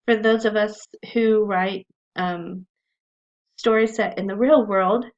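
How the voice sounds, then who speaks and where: A woman teaching a recorded writing class, explaining in a friendly way with frequent ums, on a dull lo-fi recording. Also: mid-range voice.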